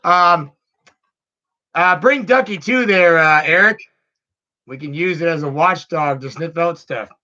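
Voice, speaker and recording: A man hosting a casual livestream chat, halting and chuckling often. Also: fairly high pitch, sharp tone, highs cut off. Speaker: channel host on a livestream.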